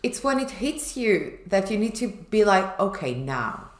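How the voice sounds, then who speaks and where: A woman's voice: medium pitch, normal speed. A woman co-hosting a chat show, telling a personal story candidly and acting out her past self. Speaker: podcast co-host. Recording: echoey room.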